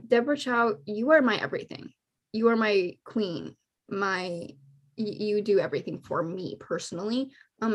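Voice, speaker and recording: A young woman co-hosting a podcast in casual chat, excitable and gushing, laughing often. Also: mid-range voice. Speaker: podcast co-host.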